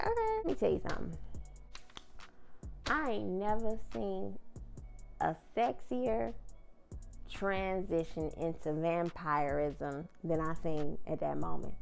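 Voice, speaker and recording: A woman's voice: mid-range voice, vocal fry, fairly bright tone. A woman casually recapping a TV episode in a chatty, slangy way, often calling her viewer "girl". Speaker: TV recap vlogger.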